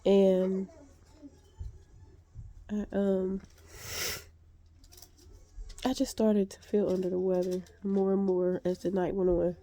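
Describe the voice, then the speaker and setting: A woman's voice: medium pitch, level tone, slow pace, pauses often, dark tone. A woman telling a vlog story while congested, chatty with many fillers and laughing at herself. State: congested and sniffly. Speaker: vlogger.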